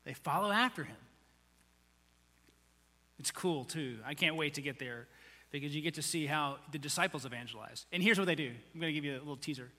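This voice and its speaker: A man preaching a sermon in a conversational, animated way, acting out quotes as he teaches. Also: fairly high pitch, brisk, pauses often, big-room sound. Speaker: pastor.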